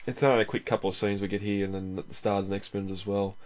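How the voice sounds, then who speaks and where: A man with a fairly low voice talks through a film in a relaxed, rambling way, with lots of ums and a chuckle every few lines. He is the host of the show. The audio is dull and lo-fi. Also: very fast. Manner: rambling, chuckles often, many fillers. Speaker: podcast host. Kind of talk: casual film commentary.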